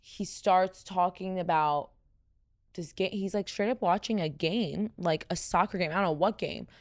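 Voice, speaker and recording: A young woman hosting her own podcast in casual, chatty talk. Her voice sits a bit deep, with some vocal fry, and she runs on with fillers and asides. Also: moderate pace. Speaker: podcast host. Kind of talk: casual chat.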